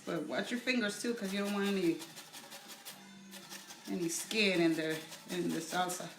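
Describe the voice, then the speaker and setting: Middle-aged woman, home-kitchen cooking host, chatty and halting, lowish voice, roomy echo. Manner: casual, halting, greets viewers by name while cooking. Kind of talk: live-stream cooking demo, chatty. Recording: echoey room with faint music.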